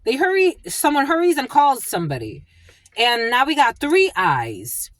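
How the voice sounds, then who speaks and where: A woman doing a channeled psychic reading, speaking in halting bursts and repeating single words as they come to her. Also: high-pitched, huge pitch swings. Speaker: psychic reader.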